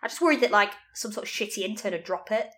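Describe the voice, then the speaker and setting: A woman's voice: medium pitch, lively intonation, fast talker, pushed and bright. A woman co-hosting a podcast in casual chat, making dry, wry asides and giggling often. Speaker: podcast co-host.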